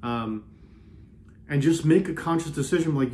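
A man hosting a self-help video, talking earnestly in a casual motivational way, often repeating himself and slowing down on key phrases. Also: on the high side, warm tone. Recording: roomy echo.

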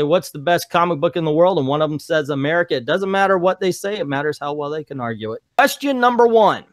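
A man's voice: no room sound, clean studio sound. A man hosting a casual comic book debate show, loose and joking. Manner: theatrical, booming intro then loose and joking. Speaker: host.

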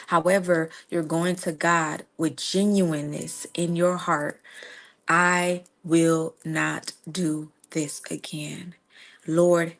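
A young woman speaks in an earnest, conversational way, often checking in with "right?". Her voice sits a little low and has a gravelly, fried edge. It sounds like a casual devotional livestream. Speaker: Christian livestream host.

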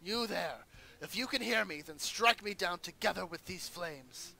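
Proud ancient fire spirit, a man doing the voice, slow and commanding, bright-toned. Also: sits high, animated, gravelly, exaggerated voice. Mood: solemn. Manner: slow, grand, commanding delivery. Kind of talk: reading game dialogue aloud.

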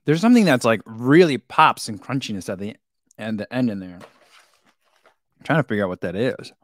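A chatty man talking casually through an unboxing, his pitch rising and falling a lot. He giggles easily and talks between bites. The sound is close and dry, with no room around it. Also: expressive, moderate pace, no room sound. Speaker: vlogger reviewing a snack.

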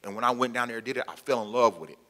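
A man from the Pacific Northwest who was once incarcerated addresses an audience in a meeting hall with impassioned, emphatic talk, repeating his key lines in plain, colloquial language. His medium-pitched voice is rapid-fire, pushed and bright. The recording carries a long hall reverb.

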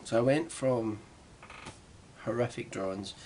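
There's slight background noise as a young man from Glasgow, Scotland chats in his vlog with a Glaswegian Scottish accent. His voice is mid-range and darkish, his pace measured, and his manner rambling and self-deprecating.

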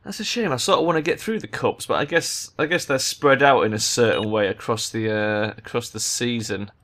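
A man giving game commentary as a gaming video maker, exasperated and swearing a lot, breaking into loud rants. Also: medium pitch, moderate pace. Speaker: gaming YouTuber.

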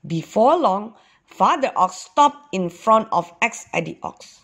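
Slow, expressive woman reading a kids' story. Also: medium pitch. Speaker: kindergarten teacher. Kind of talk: reading a children's story aloud.

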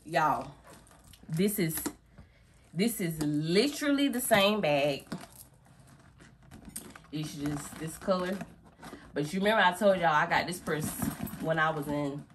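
A woman's voice: sits low, expressive, slow pace, pauses often, a little hiss or hum. A young woman vlogging at home to her phone camera, chatty and playful, calling her viewers baby and girl. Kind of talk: casual chat to camera.

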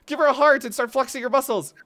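A woman's voice: sits high, normal speed, fairly bright tone. A woman streamer in casual livestream chat, laughing a lot as she feeds a friend prank lines to repeat.

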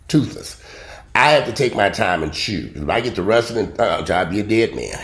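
A man, rambling bluntly and profanely to camera in a casual vlog. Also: fairly low pitch. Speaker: vlogger. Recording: roomy echo.

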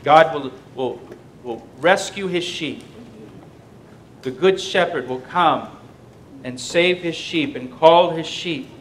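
A man's voice: a little high, takes it slowly, long pauses, slight background noise. A man, a pastor, giving a verse-by-verse sermon, reading scripture aloud with rising emphasis and explaining it plainly between verses.

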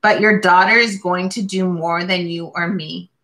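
A woman reading aloud and voicing a weary, hard-working uncle in a storybook, speaking slowly and earnestly. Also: fairly low pitch, fairly even intonation, fairly bright tone. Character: weary uncle, a laborer who drinks beer.

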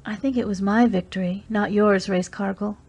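A woman's voice: mid-range voice, steady tone, normal speed, darkish tone, breathy edge. A woman reading an audiobook, voicing a proud, despairing young woman of a dying desert world who speaks with a lilting, trembling, bitter passion. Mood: pleading.

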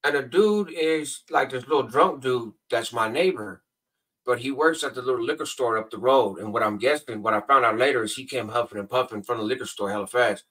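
A man telling a long story as a guest on a casual show, acting out other people's voices in a high pitch. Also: a little fast, a bit bright, recorded from a distance. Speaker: podcast guest. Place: home in Nevada.

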